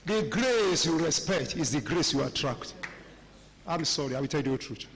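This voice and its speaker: A middle-aged Nigerian man preaches with a fairly high voice that carries through a big church hall, its long reverb trailing after his words. He talks to the congregation in a loose, chatty way, mixing in pidgin and Yoruba phrases. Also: expressive, moderate pace, fairly bright tone, a little hiss or hum. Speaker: pastor. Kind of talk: sermon.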